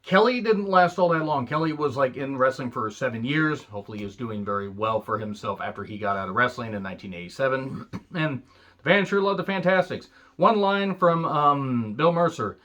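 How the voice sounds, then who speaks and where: Man, from the United States, casual review monologue, blunt and profane, sarcastic asides, bright forceful tone. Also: medium pitch, animated, moderate pace. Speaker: wrestling show reviewer.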